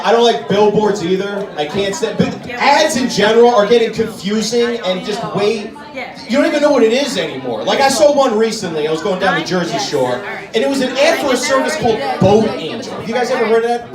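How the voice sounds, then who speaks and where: Animated male stand-up comic in a roomy club. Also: very high voice. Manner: animated, addresses the crowd directly. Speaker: stand-up comedian. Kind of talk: live stand-up comedy. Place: comedy club. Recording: roomy club, distant mic, crowd laughter.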